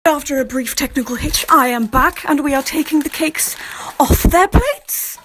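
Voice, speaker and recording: A woman's voice: high voice, brisk, fairly bright tone. A woman hosting a comedy baking skit in a silly, playful way, often dropping to a whisper. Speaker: comedy host.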